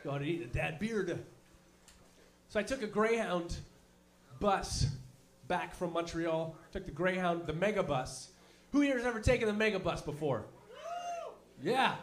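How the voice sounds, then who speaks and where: Young man, stand-up comedy, high-pitched, profane and animated. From Canada. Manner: profane, animated storytelling with mock voices.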